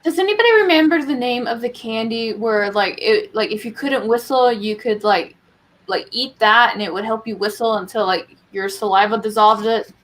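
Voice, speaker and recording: A woman's voice: on the high side, moderate pace, fairly bright tone. Nostalgic woman groping for words. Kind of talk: casual chat.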